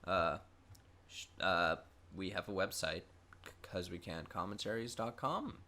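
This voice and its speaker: A man's voice: low-pitched, a little slow, pushed and bright. A man co-hosting a casual podcast, talking loosely with fillers and restarts. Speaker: podcast co-host. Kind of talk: casual chat.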